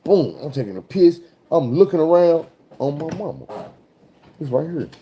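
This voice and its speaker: Profane man with a very dark voice. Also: a little high, moderate pace, a little hiss or hum. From Arkansas, USA. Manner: animated, profane, swears often. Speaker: truck driver telling a road story. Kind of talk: casual profane storytelling.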